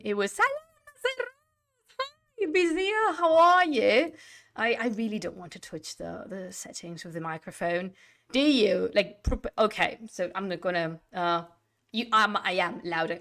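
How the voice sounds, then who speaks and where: A woman live-streaming from home, chatting casually with viewers, rambling and restarting her sentences while sitting back from her desk mic. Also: medium pitch. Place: home room. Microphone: desk mic, sitting away from it.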